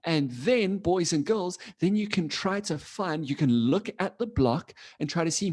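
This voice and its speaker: A man's voice: expressive, normal speed, hardly any pauses, a little mellow. Male teacher, online kids' class, upbeat and encouraging, slightly raised voice, computer mic. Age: adult. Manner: upbeat, encouraging, with playful pitch jumps. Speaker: coding teacher. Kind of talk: live online lesson for young children.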